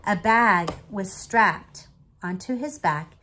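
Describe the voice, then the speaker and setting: A woman teacher reading a novel aloud to her students, expressive and animated. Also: mid-range voice, slow pace, slight background noise.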